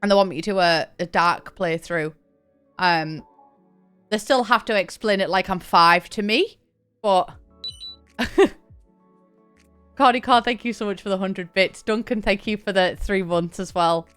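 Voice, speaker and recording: A woman's voice: mid-range voice, measured pace, pauses often, a bit bright, clean tone, soft background music. A young woman chatting casually on a live stream, thanking viewers by name and laughing often. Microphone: desk mic, camera on.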